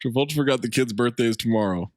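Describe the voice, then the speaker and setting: A man's voice: mid-range voice, racing, no room sound, studio quality. A man co-hosting a podcast, casually recapping a film plot with lots of laughter. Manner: laughing, animated retelling. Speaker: podcast co-host.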